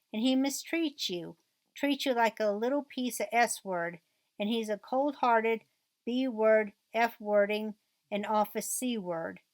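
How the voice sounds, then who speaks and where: A woman's voice: fairly high pitch, dry recording, close to an everyday voice. A woman reading the lines of a bitter, ranting divorced mother from a transcript, in a mostly plain reading voice with little acting. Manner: reads quoted rant aloud in a mostly plain voice.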